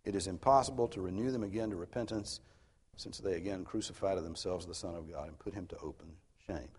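A man's voice: low voice, quick pace, a little mellow, slight background noise. A man preaching an expository sermon, earnest and emphatic, posing rhetorical questions as he teaches. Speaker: pastor.

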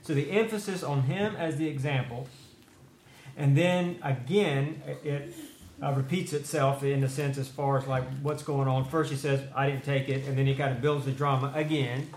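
Man, study group member, halting delivery full of fillers, roomy room, faint hiss. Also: mid-range voice, fairly even intonation, a little mellow. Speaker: Bible study participant. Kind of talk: explaining text in group discussion.

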